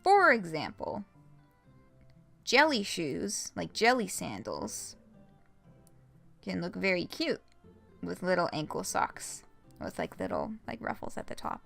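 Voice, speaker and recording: A young woman talks casually to her stream while playing a game, rambling through her thoughts with fillers and little laughs. Her delivery is unhurried and her pitch swings widely, with a gravelly fry on the ends of phrases. Faint game music sits under her voice. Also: wildly swooping pitch, a bit bright. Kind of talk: casual let's-play chat.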